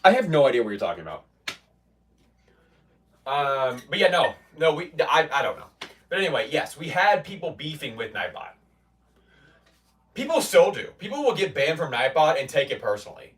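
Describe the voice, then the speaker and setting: Guy streaming a lift session, chatting with chat, lively up-and-down voice, kinda far from the mic. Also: a little high, normal speed, pauses often, a little hiss or hum. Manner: rambling, restarts, mock-quotes chatters. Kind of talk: casual chat with stream viewers. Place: home gym in a basement.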